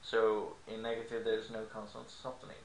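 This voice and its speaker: A man's voice: lowish voice, flat delivery, fairly quick, vocal fry. A man explaining grammar in an online language lesson, checking in with frequent "okay?" asides. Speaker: language teacher. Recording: echoey room with faint noise.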